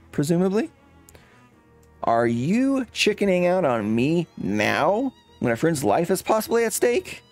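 A man voicing a panicky, bossy woman friend in a comedy game, raised high above his own voice and scolding in a frantic rush.

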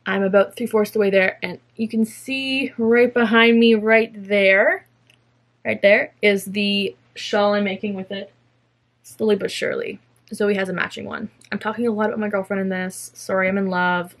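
A woman's voice: medium pitch, steady tone, measured pace. Chatty young woman showing her crafts. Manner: chatty, rambling, self-mocking with playful silly voices. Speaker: fiber craft podcaster. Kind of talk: casual chat to camera.

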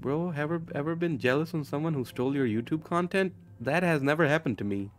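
A man's voice: a little high, brisk, few pauses, slight background noise. Profane, rambling young male streamer. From Pakistan. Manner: rambling, profane, jokey, laughs often. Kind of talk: casual live-stream chat while gaming.

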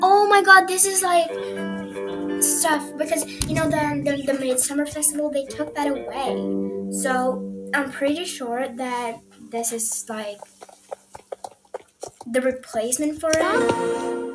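A woman giving excitable, casual commentary while she plays a horse game, often exclaiming. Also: high voice, takes it slowly. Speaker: gaming vlogger. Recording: loud game music behind voice. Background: game music.

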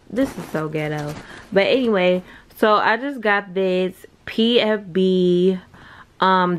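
A young woman vlogging casually to camera at home, chatty and blunt, swearing freely and talking in slang. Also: on the low side. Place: at home, just out of bed.

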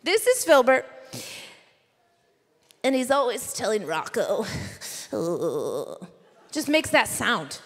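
A young woman with a high voice preaches to a conference crowd, spinning a personal story in a playful, chatty way with quick asides. Her voice rings out through a big hall with a long reverb tail. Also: very animated. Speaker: conference speaker. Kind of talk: sermon.

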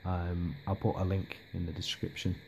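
A man's voice: sits low, little pitch movement, normal speed, vocal fry, slight background noise. A man giving a casual, rambling hobby update, hesitant with lots of ums and restarts. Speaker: miniature hobby vlogger.

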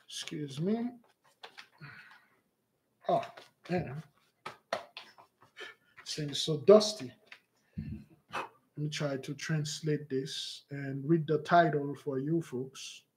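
High-voiced man, slow and emphatic. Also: darkish tone, slight background noise. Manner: emphatic, repetitive, preachy. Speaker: online show host. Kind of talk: livestream commentary.

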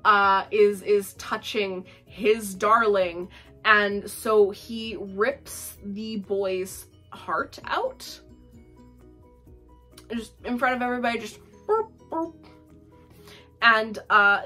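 A woman's voice: medium pitch, fairly even intonation, slow, pushed and bright, faint music behind. A young woman giving a casual, profane book review, full of fillers and laughter.

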